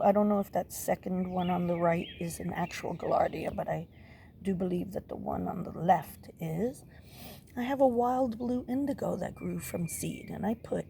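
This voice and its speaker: A woman's voice: mid-range voice, creaky, dark tone, slight background noise. A woman giving a rambling, casual tour of her backyard garden outdoors, filming on a phone as she walks. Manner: chatty, rambling, many ums and restarts.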